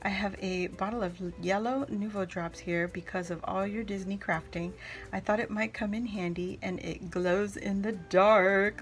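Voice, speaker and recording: A middle-aged woman hosting a casual crafting vlog, opening mail at home and gushing over each item, repeating her words when excited. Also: medium pitch, moderate pace. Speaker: crafting channel host.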